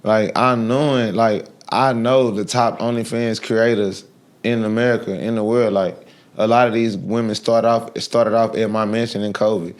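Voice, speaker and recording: A man, guest on a podcast interview, talking in a brash, animated way with loud bursts of laughter. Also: on the low side, moderate pace. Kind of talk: casual interview talk.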